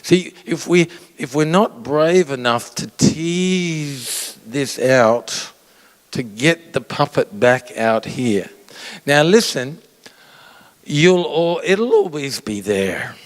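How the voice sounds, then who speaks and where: A man's voice: fairly high pitch, lively intonation, slow. A male pastor giving a conversational sermon, asking the audience questions and acting out inner voices. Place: church auditorium. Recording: long reverb of a large hall.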